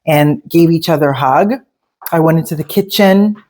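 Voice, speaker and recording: A woman with a low, grounded voice talks through a personal experience. She tells it candidly and conversationally, pressing emphatically on the moments that matter as she draws out the lesson. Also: moderate pace, dark tone. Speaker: speaker sharing life lessons. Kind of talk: personal storytelling monologue.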